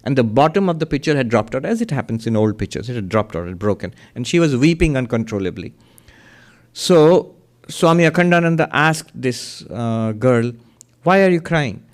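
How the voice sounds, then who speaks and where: A man, a monk giving a lecture and telling a story earnestly, with pauses and restarts. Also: mid-range voice, expressive.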